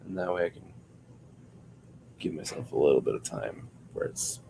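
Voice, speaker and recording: A man's voice: a bass voice, animated, normal speed, vocal fry, mellow, slight background noise. A man chatting casually on a livestream while building a puppet, rambling and joking as he thinks aloud about each step. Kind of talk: casual livestream craft chat.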